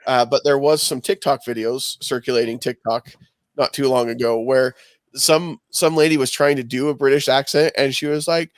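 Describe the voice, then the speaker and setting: Casting: male podcast co-host, mid pitch, rambling and casual, dry close mic. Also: steady tone, normal speed, clear, resonant tone, dry recording. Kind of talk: casual chat.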